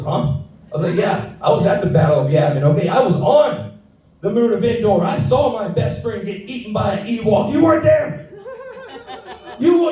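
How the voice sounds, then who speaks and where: A Houston, Texas, stand-up comedian with a high, mellow voice performs profane stories on a saloon stage, acting out everyone in them. The set was recorded far off in an echoey room.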